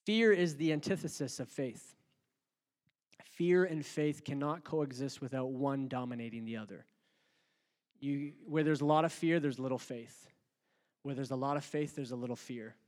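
A man preaching a sermon, moving between calm, quiet talk and loud, rising passages. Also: medium pitch, moderate pace, in a large hall. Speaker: pastor.

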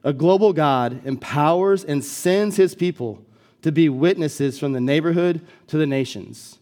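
A man's voice: a little high, unhurried, mellow. A young American man preaching a sermon as a guest pastor, in a casual, conversational way with lots of filler words. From United States.

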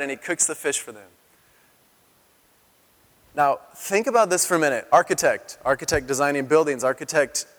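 A man in his thirties preaching a sermon as a pastor, telling the story in an animated way and acting out the quotes in a raised voice. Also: fairly high pitch. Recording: long hall reverb.

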